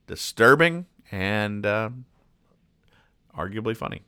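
A man's voice: on the low side, lively intonation, normal speed, pushed and bright, smooth, no room sound. A man hosting a comedy podcast, recapping newspaper comics in a dry, rambling way and correcting himself as he goes. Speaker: podcast host reading comics.

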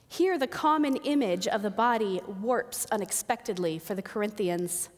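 Slow-speaking woman preaching. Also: fairly high pitch, big-room sound. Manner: slow, deliberate preaching with emphatic pauses. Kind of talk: sermon. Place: church sanctuary. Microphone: pulpit microphone with feedback.

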